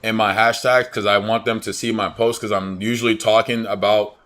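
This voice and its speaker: A man's voice: fairly low pitch, level tone, a little fast, fairly bright tone. A young man livestreaming a game, chatting in a slangy, blunt way and saying "bro" a lot. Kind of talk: casual chat while gaming.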